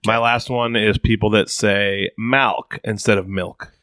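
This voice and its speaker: A man's voice: fairly low pitch, steady tone, unhurried, fairly bright tone, no room sound. A man on a casual podcast chat who chips in with short, blunt remarks. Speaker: podcast co-host.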